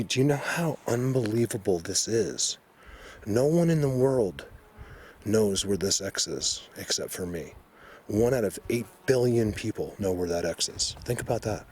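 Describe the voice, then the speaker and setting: A man's voice: lowish voice, darkish tone, slight background noise. A man vlogging outdoors in the woods, talking to the camera in an emotional, rambling way with frequent restarts. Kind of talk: excited hiking vlog to camera.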